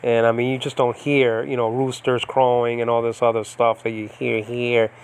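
A man's voice: mid-range voice, little pitch movement, normal speed, clear, resonant tone. Middle-aged man, Bible teacher, casual home lesson, rambling with fillers and restarts. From United States. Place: home in the Philippines.

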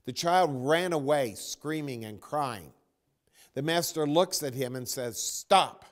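A man giving a spiritual talk as a teacher, telling a story with dramatic pauses and dropping to a near whisper. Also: a little high, lively intonation. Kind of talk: spoken dharma talk.

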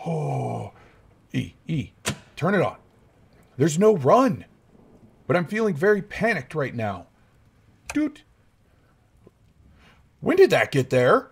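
Jumpy, husky-voiced young man gaming. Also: on the high side, very animated, measured pace, pauses often. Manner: jumpy, nervous, talks to himself, yelps when startled. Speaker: gaming YouTuber. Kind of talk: horror game let's play commentary.

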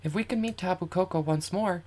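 A gamer voicing a shy, gentle young girl companion, reading the game's dialogue aloud in a soft, earnest way. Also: mid-range voice, fairly quick, voice pushed up, natural voice. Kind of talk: reading game text aloud in character.

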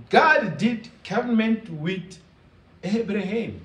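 A man preaches slowly in a high, lively voice. He leans on emphatic, repeated phrases. The sound is roomy and echoey, and he is well back from the mic. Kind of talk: sermon. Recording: echoey room, from far off.

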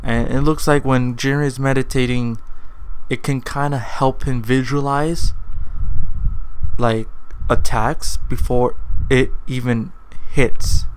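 A man's voice: medium pitch, fairly even intonation, slow pace, a little hiss or hum, rough recording. A man hosting his own video, talking casually and rambling, often correcting and repeating himself. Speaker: anime video host. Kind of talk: casual commentary vlog.

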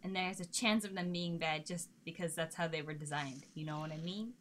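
A woman streamer giving casual let's-play commentary, chatty and talking to herself and the game, swinging between nervous and excited. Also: lowish voice, fairly quick, slight background noise.

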